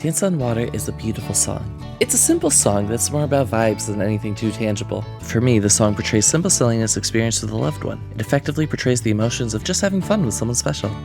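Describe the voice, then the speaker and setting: A man's voice: on the low side, lively intonation, fast, vocal fry, hardly any pauses, music in the background. Sarcastic male video essay narrator. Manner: sarcastic, ranting, swearing.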